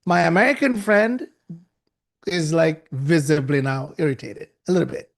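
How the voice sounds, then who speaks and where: Male guest speaker, high and gravelly, animated storyteller. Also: moderate pace. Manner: animated, acts out the people in the story; restarts and repeats himself for effect. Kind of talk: storytelling talk.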